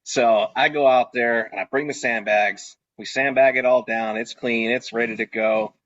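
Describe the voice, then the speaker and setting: A man's voice: medium pitch, normal speed, no echo, muffled recording. A man who owns a party rental business, telling a casual story and acting out what he said back then. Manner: animated, acts out his own quoted lines. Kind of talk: casual storytelling on a video call.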